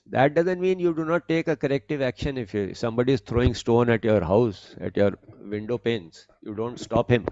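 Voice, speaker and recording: Man, spiritual teacher, scripture discourse, deliberate explanatory delivery, rephrases points, dry close sound, muffled lo-fi recording. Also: medium pitch, darkish tone, dry recording.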